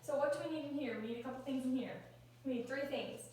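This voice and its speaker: A woman's voice: sits high, fast, darkish tone. A woman teaching a grammar lesson in a classroom, explaining patiently step by step and asking questions. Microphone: phone recording from across the room. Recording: echoey room, distant phone mic.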